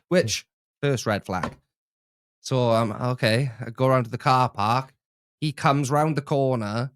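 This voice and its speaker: A young man co-hosting a casual stream, telling stories in a relaxed, easygoing way. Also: medium pitch, normal speed, pauses often, clear, resonant tone. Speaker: co-host. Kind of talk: casual live-stream chat.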